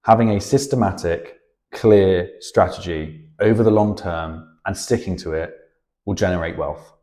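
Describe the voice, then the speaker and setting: A man's voice: low voice, unhurried, mellow. A British man, a personal finance educator, explaining money over on-screen charts and walking through the figures step by step.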